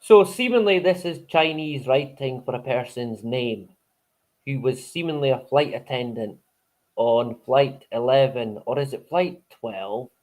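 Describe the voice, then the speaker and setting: A man's voice: medium pitch, measured pace, darkish tone. A man hosting a live stream in casual chat, rambling, swearing freely and chuckling often.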